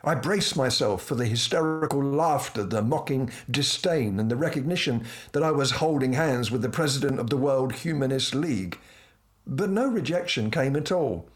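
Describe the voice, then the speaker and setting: A middle-aged man with a mid-range voice reads a funny personal anecdote from a script at a moderate pace. His wit is dry and self-mocking, and he throws in lively asides.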